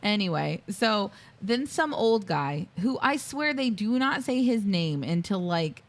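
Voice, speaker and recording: A woman's voice: medium pitch, a little slow. A woman co-hosting a podcast, chatting casually about a movie and acting out quotes from it with lots of fillers. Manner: animated storyteller, acts out quotes. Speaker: podcast co-host. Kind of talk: casual movie review chat.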